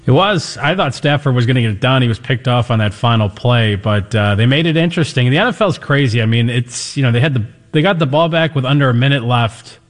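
A man's voice: medium pitch, lively intonation, fast talker, hardly any pauses, big-room sound. A man co-hosting a sports talk show, giving matter-of-fact rundowns of games and schedules. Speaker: sports radio co-host.

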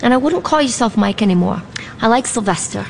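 A woman's voice: a little high, expressive, a little fast, vocal fry, a little hiss or hum. An actress playing a persuasive, encouraging woman in a film scene, giving a pep talk. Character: encouraging woman urging a young actor on.

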